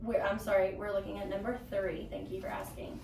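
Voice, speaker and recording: A woman's voice: mid-range voice, little pitch movement, brisk, darkish tone, a little hiss or hum. A woman teaching a phonics lesson to a small group, patiently prompting with questions and "okay?". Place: classroom. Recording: echoey classroom, mic far off.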